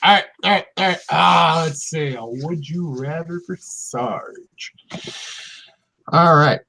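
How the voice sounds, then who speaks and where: A man joining an interview over a video call, quick with jokes and comebacks. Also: a little high, fairly bright tone, rough recording. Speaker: guest. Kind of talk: casual chat on a video call.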